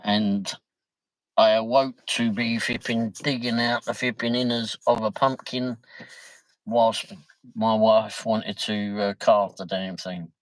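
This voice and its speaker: A man's voice: fairly low pitch, fairly even intonation, takes it slowly, dry recording, low-quality recording. Bloke chatting on his live stream, middle-aged, swears a bit, dry close sound. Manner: chatty, laughs easily, mild swearing. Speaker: livestream host. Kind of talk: casual livestream chat reading viewer comments.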